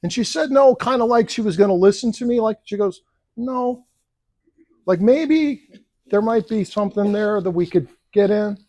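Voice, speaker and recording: A man with a fairly high speaking voice gives a campaign speech to a luncheon crowd. He tells stories in a conversational way and acts out the other people's lines as he quotes them. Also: moderate pace, dark tone. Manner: storytelling, acting out quoted voices. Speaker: political candidate. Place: luncheon event room.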